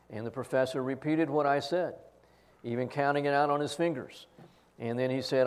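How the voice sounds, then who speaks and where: A man's voice: mid-range voice, steady tone, moderate pace, clear, resonant tone. A man pastor preaching an earnest Easter-style sermon, telling a personal story and acting out its quotes.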